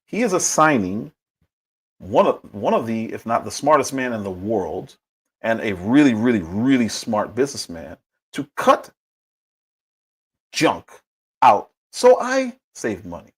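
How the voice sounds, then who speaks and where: A man hosting a political commentary livestream, talking in an emphatic, animated way with a husky voice. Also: unhurried, pauses often. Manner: animated, emphatic, with big pitch swings.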